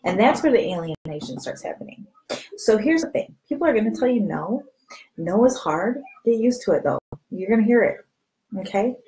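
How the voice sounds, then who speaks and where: A woman's voice: mid-range voice, moderate pace, rough recording. A woman coaching her direct sales team to camera in a candid, chatty way, acting out conversations with friends. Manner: animated, acts out quoted friends with voice changes; candid, chatty, repeats catchphrases.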